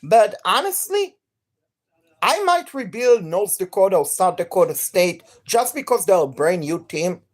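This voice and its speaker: A woman with an accent, an energetic and enthusiastic gaming streamer chatting live to viewers. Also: mid-range voice, measured pace. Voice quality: non-native accent.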